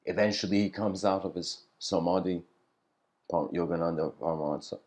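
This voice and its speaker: A man giving a reflective spiritual lecture, telling stories slowly with pauses and letting his voice trail off quietly. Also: deep voice. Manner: unhurried storytelling with pauses.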